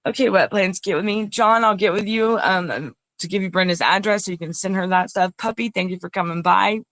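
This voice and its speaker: A woman's voice: mid-range voice, brisk, fairly bright tone, no echo. A woman hosting a casual livestream talk show, chatty and rambling, talking straight to her viewers.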